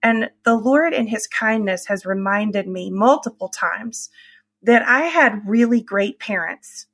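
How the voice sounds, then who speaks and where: A woman's voice: mid-range voice, a little slow, creaky, fairly bright tone, husky. A middle-aged woman hosting a faith-based podcast, talking in an emphatic, affirming way. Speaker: podcast host.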